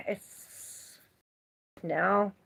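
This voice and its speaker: A woman's voice: mid-range voice, steady tone, drawn-out words, creaky, a bit bright, husky. A woman giving a live tarot reading, chatting with viewers, reading their comments aloud and laughing often. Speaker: tarot reader.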